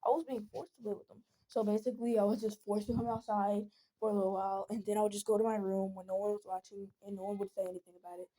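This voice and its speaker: Mellow-voiced teen girl venting earnestly. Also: medium pitch, level tone, fast talker. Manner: earnest, rambling, pleading. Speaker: vlogger. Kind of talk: casual venting monologue.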